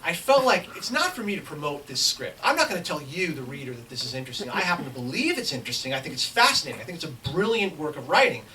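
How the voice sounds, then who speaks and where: A man's voice: fairly high pitch, big pitch swings, quick pace, few pauses, sharp tone. A middle-aged man giving a lecture, telling a comic anecdote to a live audience and acting out the lines of the other people in it. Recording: distant mic with clear background noise.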